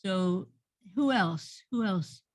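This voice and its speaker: A woman's voice: mid-range voice, expressive, takes it slowly, a little mellow, no echo. A woman hosting an online workshop over a video call, praising participants effusively and often repeating her words. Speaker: workshop host and teacher. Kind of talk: encouraging group workshop feedback.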